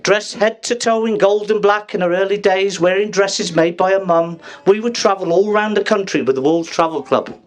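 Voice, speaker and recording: A man in his fifties giving a jokey father-of-the-bride speech at a wedding reception, teasing guests and pausing for laughs. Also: high-pitched.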